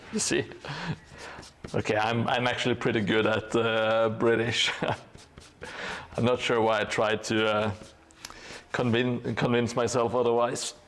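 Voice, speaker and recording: A man streaming while he paints, chatting casually in a halting way with dry, sarcastic jokes. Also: medium pitch, level tone, fairly bright tone. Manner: halting, with many hesitations. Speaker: hobby streamer painting a gaming board.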